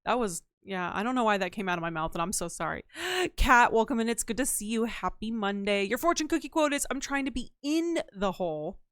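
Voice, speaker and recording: A woman's voice: medium pitch, quick pace, fairly bright tone, clear, resonant tone, no room sound, clean studio sound. A woman streamer chatting casually and playfully with her live chat, teasing and slipping into silly voices.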